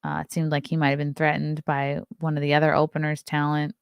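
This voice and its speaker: A woman with a Long Island accent hosts a casual morning livestream, reading news and tossing off blunt, sarcastic asides. Her voice sits a little low, and the sound is dry and close with no room around it. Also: completely flat delivery, a little fast, creaky, clear, resonant tone, dry recording. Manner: blunt, sarcastic, reads headlines aloud and riffs on them. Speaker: host.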